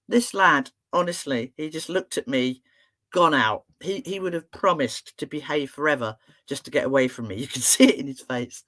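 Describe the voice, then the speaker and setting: A middle-aged woman, an emotional therapist giving a talk, telling stories in a chatty, humorous and expressive way. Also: low voice, a little fast. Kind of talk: storytelling talk to an online audience.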